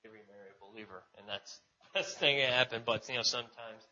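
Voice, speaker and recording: A man's voice: medium pitch, quick pace, pushed and bright, highs cut off. A man preaching in a loose, conversational way, restarting his sentences and often adding fillers. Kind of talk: casual sermon.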